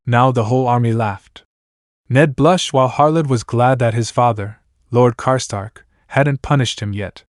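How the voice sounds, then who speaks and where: A man reading fan fiction aloud as a narrator in a plain, steady way. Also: medium pitch, a little slow, no room sound, studio quality. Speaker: story reader.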